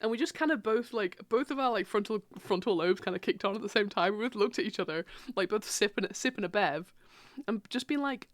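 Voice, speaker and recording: A woman's voice: mid-range voice, dry recording. A woman in her thirties livestreaming from her PC at home, chatting casually, swearing freely and laughing often. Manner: animated, swearing, quick to laugh. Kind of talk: casual chat while streaming.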